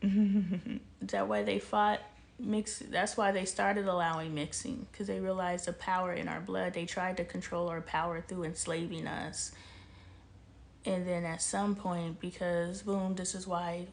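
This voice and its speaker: A woman talking straight to her viewers in a casual livestream monologue. She is animated and preachy, answers the chat and laughs often. She is close to a phone or webcam mic. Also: lowish voice, normal speed, creaky, a little hiss or hum. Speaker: livestream host and self-help author.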